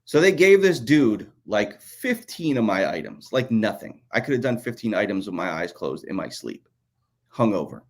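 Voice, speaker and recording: A man's voice: lowish voice, sing-song, moderate pace. A man co-hosting a podcast, telling a profane, ranting story about his old design job. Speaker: podcast co-host, former toy designer. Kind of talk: casual podcast chat.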